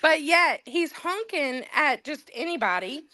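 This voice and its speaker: A woman's voice: sits high, lively intonation, measured pace, bright, forceful tone, no room sound. A woman in her thirties telling a funny story on a casual podcast, laughing as she goes. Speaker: podcast co-host.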